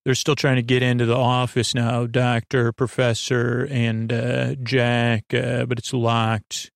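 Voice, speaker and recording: Man, sleep podcast host, gravelly, dry close sound, rambling deadpan recap, drowsy. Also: medium pitch, slow, no room sound. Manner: drowsy, meandering, deadpan with many fillers.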